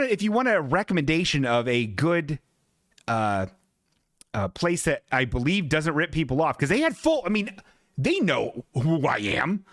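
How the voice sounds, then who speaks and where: A man's voice: fairly high pitch, fairly bright tone, no echo, clean studio sound. A man hosting a comedy podcast, telling a rambling, profane, self-mocking story in a casual way. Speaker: podcast host.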